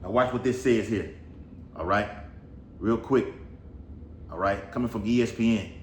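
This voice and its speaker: A man with a lowish voice, speaking at normal speed, delivers casual, wandering commentary on Bible prophecy laced with profanity and frequent "all right"s. An echoey room with faint noise surrounds him.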